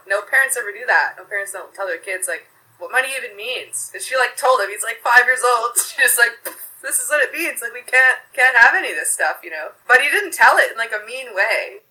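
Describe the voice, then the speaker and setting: Young woman, vivid bright tone, loose rambling storyteller with lots of fillers. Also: medium pitch, poor audio. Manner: chatty, laughs often, many filler "like"s. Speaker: interview guest. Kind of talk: casual remembrance interview.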